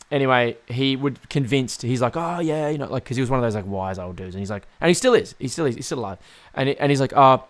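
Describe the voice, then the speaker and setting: A man, hosting a podcast and telling a rambling story with loose swearing and many restarts. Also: mid-range voice. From Tasmania, Australia. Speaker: podcast host.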